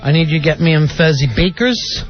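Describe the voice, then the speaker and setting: A man co-hosting a comedic talk radio show, ranting sarcastically and loudly. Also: on the high side, animated, fairly quick, faint music behind. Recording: dull lo-fi radio recording.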